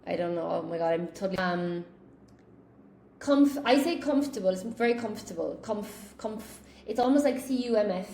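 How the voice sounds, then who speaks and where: A woman's voice: medium pitch, expressive, a little fast, gravelly, warm tone. A woman teaching an English lesson on a live stream, chatting with viewers and answering their questions as she goes. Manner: chatty, reads chat questions aloud, laughs at own slips. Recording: echoey room, faint noise.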